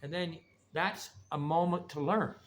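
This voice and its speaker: Rambling blunt guy preaching about recovery, kinda high voice, bit of hiss behind. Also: measured pace, fairly bright tone. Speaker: vlogger. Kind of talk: casual monologue. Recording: faint background noise.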